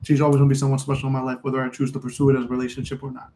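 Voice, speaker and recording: A man's voice: mid-range voice, completely flat delivery, very fast, noisy background. A man hosting a casual livestream, talking candidly in a rambling way, cursing freely and reading out and answering viewer comments. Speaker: livestream host.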